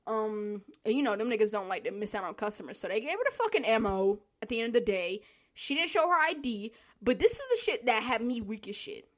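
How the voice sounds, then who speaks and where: In a sing-song voice on the high side, this young vlogger talks fairly quickly, recorded alone. Laughing frequently, she rants casually to her viewers through a profanity-laced work story.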